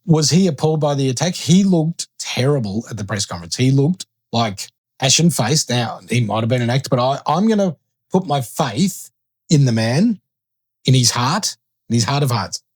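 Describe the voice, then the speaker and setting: A man's voice: medium pitch, expressive, moderate pace, slightly rough. A man with an Australian accent hosting a casual political chat, bluntly posing questions and often saying "mate.". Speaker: podcast host.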